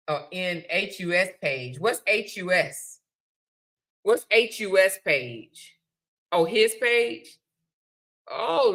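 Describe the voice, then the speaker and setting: A woman's voice: mid-range voice, bright, forceful tone. A middle-aged woman hosts a live stream, giving sassy, preachy advice and calling her viewers honey and child. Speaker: livestream host. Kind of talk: casual live-stream chat.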